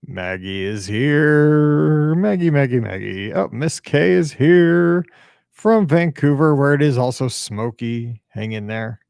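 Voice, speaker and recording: A man's voice: mid-range voice, expressive, slow, vocal fry, a little mellow, clean tone, no echo, studio quality. Tired, chatty man hosting a live podcast. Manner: chatty, upbeat, hums and mutters to himself. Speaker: podcast host. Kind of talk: casual pre-show chat greeting live viewers.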